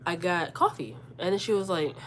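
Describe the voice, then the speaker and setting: A woman's voice: on the low side, fairly quick, slight background noise. A woman in her forties, sick and stuffed up, animatedly retelling an argument and quoting both sides. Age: 40s. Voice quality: congested. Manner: animated retelling, quotes herself and her mother, repeats words. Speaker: vlogger. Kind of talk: storytime vlog.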